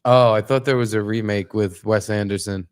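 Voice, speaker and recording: A man's voice: on the low side, steady tone, normal speed, smooth. A man co-hosting a casual podcast, cracking jokes and swearing freely. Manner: joking, swearing banter. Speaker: podcast co-host. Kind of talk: casual chat.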